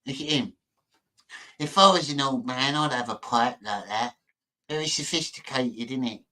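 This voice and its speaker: A man's voice: mid-range voice, moderate pace, pushed and bright, a little hiss or hum. A man giving casual reaction commentary on a video he is watching, chatty and mocking, often stumbling over his words.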